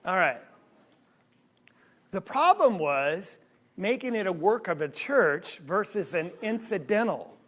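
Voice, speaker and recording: A man with a high voice teaches a church Bible class, his pitch leaping up and down as he talks. He keeps asking the room questions and pulling them along with him. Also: slow pace, pauses often. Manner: animated, asks the audience questions. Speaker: preacher. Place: church hall.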